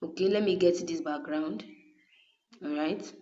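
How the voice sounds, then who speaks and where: Patient and methodical, this woman walks viewers through graphic design on a screen-recorded tutorial, checking in again and again with "okay?". She speaks at a measured pace in a low, dark voice, and the recording is dull and lo-fi.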